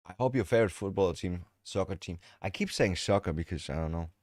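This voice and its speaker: A man's voice: low voice, fairly quick, a little mellow, no echo, studio quality. A man streaming, making offhand and profane casual commentary.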